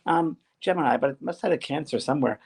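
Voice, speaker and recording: A man's voice: fairly high pitch, fast talker, gravelly. A man, a spiritual medium hosting a show, telling stories in a casual chat and acting out the voices he quotes. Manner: animated storyteller, acts out quoted voices.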